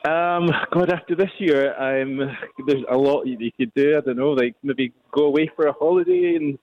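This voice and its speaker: A man's voice: fairly high pitch, normal speed. A man calling in from the gym, out of breath and laughing giddily as he talks. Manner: giggly, breathless excitement. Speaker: radio competition caller. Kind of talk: phone call. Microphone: phone. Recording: muffled phone line.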